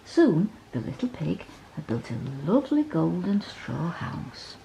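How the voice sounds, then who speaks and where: A woman reads a children's bedtime story in a low, gravelly, mellow voice. Her pitch swings widely as she gently asks the child to look at the pictures, with faint noise underneath. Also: sing-song, measured pace, rough recording.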